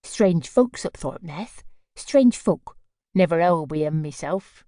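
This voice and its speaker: Woman narrator putting on a sly old rustic villager for a storybook, dark dry tone. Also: on the low side, animated, a little slow, no room sound. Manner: broad rustic dialect, sly.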